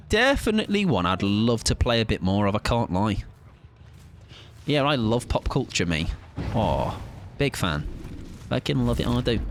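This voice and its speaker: A man talks casually while streaming a game, joking and swearing freely. His pitch swings widely from low to high. A steady background hiss is audible. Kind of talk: casual gaming stream chat.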